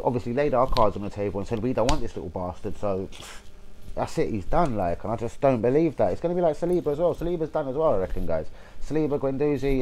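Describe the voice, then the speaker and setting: A man's voice: mid-range voice, a little mellow, slight background noise, rough recording. A young man, rambling casually about football, swearing a lot and losing his train of thought. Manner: rambling, swearing, forgetful asides. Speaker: football fan vlogger.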